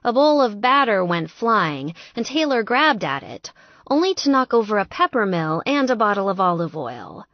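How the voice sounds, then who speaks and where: A woman narrating an audiobook in a lively, expressive storytelling manner. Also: mid-range voice, normal speed, dry recording, highs cut off.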